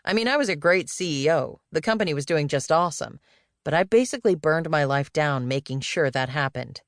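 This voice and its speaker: A woman's voice: deep voice, expressive, brisk, no echo, clean studio sound. A woman voicing a laid-back, evasive middle-aged male executive who talks in a casual, breezy way. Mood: earnest.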